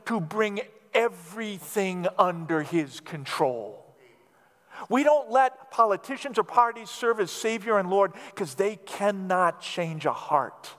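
High lively preaching man in a reverberant hall. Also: takes it slowly. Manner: preaching with sweeping rises and hushed drops. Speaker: pastor. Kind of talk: sermon.

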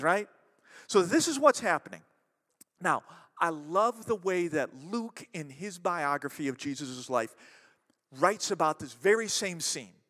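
Male pastor, high lively voice, emphatic sermon delivery, echoing hall. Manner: animated, emphatic preaching with dramatic slowdowns.

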